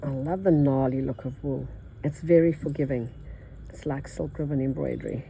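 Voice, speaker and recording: An older Australian woman with a nasal, bass, warm voice chats at a moderate pace while stitching and teaching embroidery, rambling and thinking aloud. The recording is low quality with a bit of hiss or hum.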